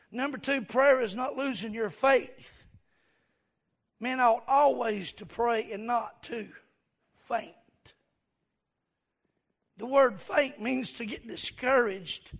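A middle-aged man, preaching a sermon in a folksy storytelling way that builds into shouted preaching. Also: very high voice. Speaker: pastor.

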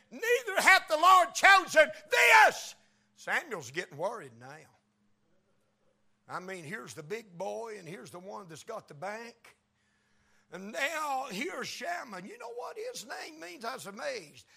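Male preacher, Tennessee accent, slow folksy drawl, lively swooping pitch, shouted peaks. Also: creaky, breathy edge. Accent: Tennessee Southern US. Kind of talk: sermon.

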